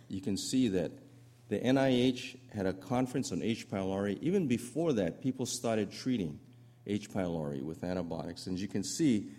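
Lively low-voiced male lecturer. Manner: animated storytelling, conversational asides. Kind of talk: medical lecture with slides.

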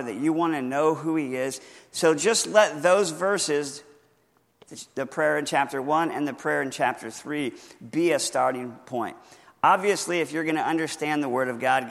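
Man, pastor teaching, slightly high voice, earnest, encouraging, long hall echo. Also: vocal fry, a bit bright. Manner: earnest, encouraging, often slows to stress words. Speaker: pastor teaching Bible reading. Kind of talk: teaching talk from a handout.

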